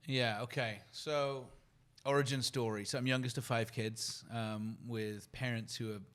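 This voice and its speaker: Earnest British man, slow reflective pauses. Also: mid-range voice, fairly even intonation, a bit bright. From United Kingdom. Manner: earnest, lists thoughts slowly with pauses. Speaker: guest, company leader and keynote speaker. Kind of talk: reflective conversational storytelling.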